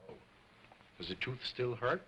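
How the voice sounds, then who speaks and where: A pompous stage ventriloquist. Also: male voice, medium pitch, very animated, unhurried, sharp tone, a little hiss or hum, poor audio. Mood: straight man. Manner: grandiose, stiffly formal, scolding. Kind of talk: early sound film acting.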